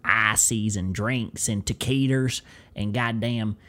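A man's voice: lowish voice, fairly even intonation, takes it slowly, pushed and bright. A man with a put-on Southern US accent voicing a cranky small-town man who tells complaining stories full of cursing. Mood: grumbling. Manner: put-on drawl, story-telling, cursing.

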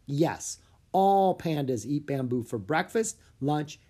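A narrator puts on a quiet, serious man for a children's storybook, measured and matter-of-fact. The voice is slightly husky. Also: mid-range voice, expressive. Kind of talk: audiobook character voice.

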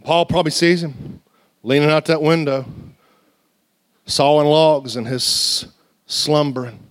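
A male pastor preaching a sermon, animated and conversational, mixing humorous storytelling with sudden loud outbursts and slow, drawn-out emphasis. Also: a little high, dry recording. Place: church.

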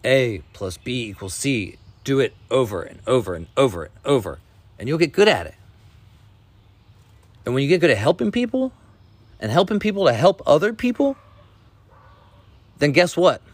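A man in his thirties rants into the mic on his podcast, swearing freely as he pushes listeners to get up and act. His voice sits at an ordinary middle pitch. The sound is dry and close, with no room behind it. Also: big pitch swings, normal speed, pauses often, no room sound. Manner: profane, blunt, fired-up preaching. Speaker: podcast host. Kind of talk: casual motivational rant.

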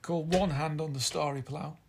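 A man's voice: a little high, fairly even intonation, fairly quick, gravelly, breathy edge. A man with a Yorkshire accent co-hosting a podcast, chatting casually in a rambling, teasing way. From Yorkshire, England. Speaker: podcast co-host. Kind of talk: casual chat.

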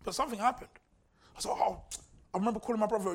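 High-pitched guy preaching, jokey and chatty, says the main points twice. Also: very fast. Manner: conversational and humorous, repeats key lines for emphasis. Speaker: pastor. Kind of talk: sermon.

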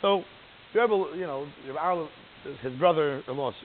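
A man giving a lively, digressive lecture as a religious teacher, often checking in with "right?". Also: fairly high pitch, moderate pace, a little hiss or hum. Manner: animated, digressive, keeps asking "right?". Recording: tinny phone-like line.

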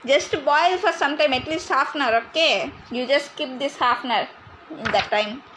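A woman's voice: high voice, moderate pace, pushed and bright, slight background noise, rough recording. A woman playing a bossy, scolding grandmother in an amateur comedy cooking skit.

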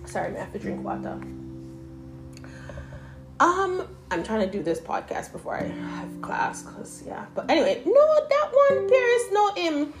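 A young woman with a Jamaican accent talks through a casual opinion podcast in a high, unhurried voice. She rambles in an animated way and drifts into patois. Soft music plays faintly behind her. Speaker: podcast host.

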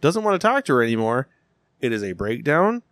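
A man in his thirties chats casually and bluntly, swearing often and telling animated stories. His voice sits at an ordinary pitch. It is recorded dry, with no room sound. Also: brisk, dry recording. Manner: blunt, profane, animated storytelling. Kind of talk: casual chat.

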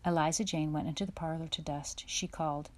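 A woman narrating a children's storybook chapter aloud in a steady, measured way. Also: low-pitched. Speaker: audiobook narrator. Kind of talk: storybook reading.

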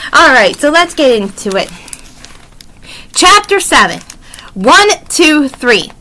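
A woman's voice: high voice, sing-song, takes it slowly, bright, forceful tone. A young woman hosting her own channel and reading a children's chapter book aloud in a friendly, upbeat way. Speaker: channel host and storybook reader.

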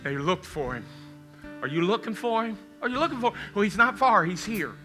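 Middle-aged male pastor, sermon altar call, very bright tone, soft guitar behind. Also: high-pitched, sing-song, a little fast. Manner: pleading, repetitive questions, builds to loud calls. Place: church sanctuary.

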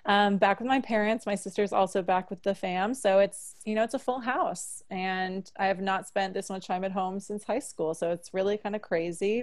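A woman's voice: mid-range voice, darkish tone. A young woman from Florida, a guest on a casual podcast, chatting with lots of "like". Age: young adult. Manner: chatty, uses "like" a lot.

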